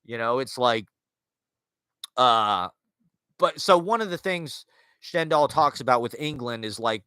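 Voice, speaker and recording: A man with a bright, forceful voice talks in a loose, wandering monologue, circling his points with fillers and restarts. The sound is dry and close, with no room around it. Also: mid-range voice, expressive, unhurried, smooth, no echo. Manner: rambling, filler-heavy, restarts, wry asides. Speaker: podcast host. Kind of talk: casual monologue on literature and culture.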